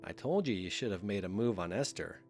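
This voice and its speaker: A man's voice: on the low side, animated, fairly quick, darkish tone, voice pushed down, close to an everyday voice. A man voicing a joking, laid-back teenage boy who is the narrator's best friend. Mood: teasing. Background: music.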